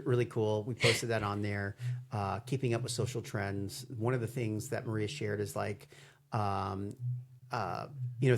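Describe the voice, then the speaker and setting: Man co-host, lowish gravelly voice, rambling casual talker with many fillers. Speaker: podcast co-host. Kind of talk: casual chat.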